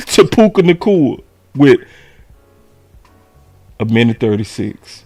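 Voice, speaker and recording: Male sports host, animated, loud on emphasis, dry close sound. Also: mid-range voice, takes it slowly, pauses often, slightly rough, no echo, soft background music. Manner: animated, shouts key words, talks to his audience. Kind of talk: casual sports film breakdown.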